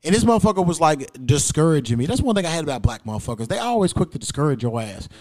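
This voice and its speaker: Loud, profane young man telling a story. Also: fairly high pitch, racing. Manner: profane, animated, acts out quotes loudly. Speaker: podcast host. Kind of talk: casual storytelling chat.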